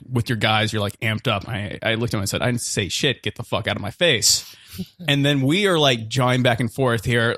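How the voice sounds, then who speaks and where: A young man rattles off a story at a quick clip, full of fillers like "like" and "uh", with a chuckle slipping in now and then. His voice sits at an ordinary middle pitch. The recording is close and dry, with no room sound. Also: sharp tone, no room sound. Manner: rambling, lots of "like" and "uh" fillers, laughs while telling. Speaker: improv performer telling a true story. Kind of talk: casual storytelling on a comedy podcast.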